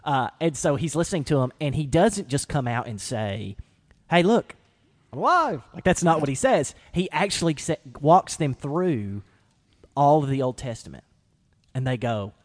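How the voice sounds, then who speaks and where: A man co-hosting a casual discussion, talking animatedly and acting out quoted lines with lively shifts in voice. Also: medium pitch, moderate pace.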